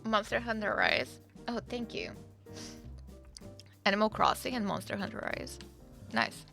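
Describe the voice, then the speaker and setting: Gravelly, bright-voiced woman streamer. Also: mid-range voice, sing-song, measured pace. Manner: chatty and rambling, with fillers and swearing. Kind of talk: casual live-stream chat to viewers. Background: faint game music.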